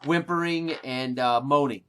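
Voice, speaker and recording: A man runs a tabletop game as game master, describing the scene at a middling pitch. He hesitates a lot, restarting phrases and filling gaps with "uh." He slows down to stress key moments. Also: a bit bright, smooth. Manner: hesitant, many fillers and restarts, slows for emphasis.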